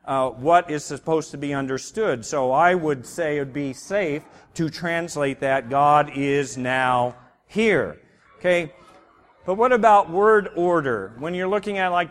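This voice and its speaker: Guy teaching bible class, kinda high voice, lots of uh and restarts, hall echo. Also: a bit bright. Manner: casual, explanatory, with many fillers and restarts. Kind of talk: church class lecture.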